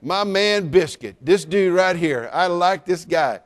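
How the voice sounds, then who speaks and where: A middle-aged man preaching at a church service, teasing the congregation with jokes and rising to loud exclamations. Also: high voice, lively intonation, measured pace. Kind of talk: sermon with humorous asides.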